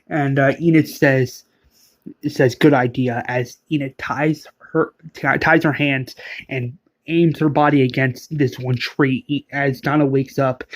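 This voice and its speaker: A man narrating a fan-made zombie story in an informal, halting way with frequent restarts. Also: mid-range voice, dry recording.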